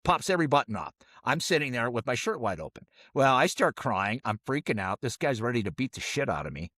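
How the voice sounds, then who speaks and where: A man's voice: medium pitch, very animated, a little fast, a bit bright, no echo. Middle-aged male co-host, acts out every voice in his story, dry studio read. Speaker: podcast co-host. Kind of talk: casual storytelling.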